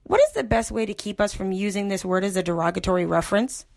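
A woman asking a voice assistant questions in a deadpan way. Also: mid-range voice, fast, creaky.

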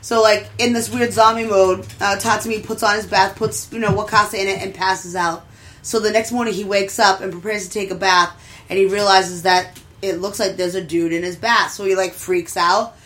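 A chatty woman talks through a show she loves in relaxed podcast conversation. Her pitch sits in a middling range, and she keeps up a lively, animated delivery, jumping up in pitch to act out the lines. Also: normal speed. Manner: chatty, lively, acts out quotes in higher voices. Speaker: anime reviewer. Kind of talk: casual podcast chat.

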